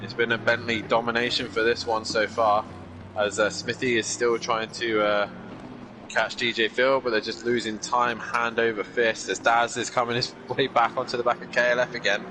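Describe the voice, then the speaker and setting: A man co-commentating a sim race, relaxed, adding comments on the drivers. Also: mid-range voice, normal speed, background noise.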